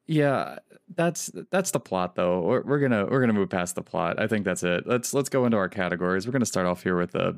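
A man with a low, deep voice hosts a casual movie review chat. He stops and restarts often, filling the gaps with ums and uhs. His voice sounds dry and close to the mic. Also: lively intonation, no echo. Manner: halting, many restarts and fillers. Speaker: podcast co-host.

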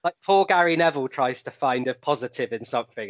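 A man's voice: mid-range voice, lively intonation, fast talker, fairly bright tone, dry recording. A man telling anecdotes in a casual podcast chat, with plenty of ums. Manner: storytelling, full of ums.

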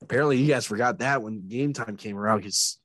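A man's voice: mid-range voice, fast talker, fairly bright tone, dry recording. A man co-hosting a sports podcast, chatting casually and joking in banter. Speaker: podcast co-host. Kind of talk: casual chat.

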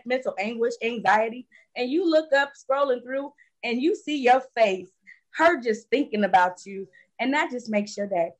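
A woman's voice: on the high side, rough recording. A woman hosting a show, giving a heartfelt, building introduction of her guest. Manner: emotional, building, preacherly cadence. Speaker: host.

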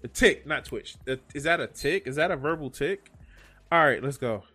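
A man's voice: on the high side, expressive, moderate pace, pushed and bright, soft background music. A man hosting a reaction video, rambling and swearing in casual commentary. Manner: rambling, swearing, self-mocking.

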